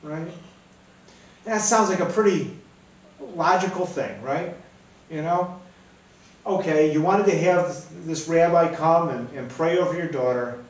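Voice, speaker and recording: A man's voice: a little high, a little slow, long pauses. A man preaching a sermon in a conversational way, often checking in with "right?". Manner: conversational, keeps asking "right?". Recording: very echoey room, mic far off.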